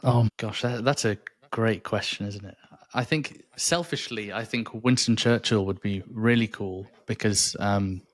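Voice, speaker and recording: A man's voice: lowish voice, unhurried, no room sound. A man, a podcast guest speaking thoughtfully and earnestly about his faith, often restarting his sentences. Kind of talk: reflective faith interview.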